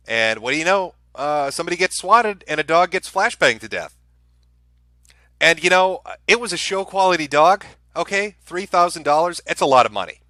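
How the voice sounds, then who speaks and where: A man's voice: fairly high pitch, bright, forceful tone, no room sound. A man hosting a live stream, giving casual commentary in a sarcastic, profane, ranting way. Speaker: streamer host.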